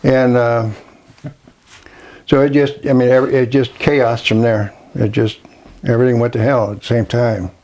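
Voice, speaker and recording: An older man with a Kentucky accent, a Navy veteran telling his story in a slow, plainspoken, halting way during an oral history interview. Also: mid-range voice, little pitch movement, darkish tone.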